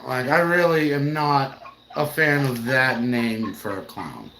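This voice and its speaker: A woman's voice: extremely low pitch, animated, slow, fairly bright tone. A woman running a tabletop game who talks through a session recap in a laid-back, blunt and profane storytelling way. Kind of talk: casual podcast recap. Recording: echoey room with clear background noise.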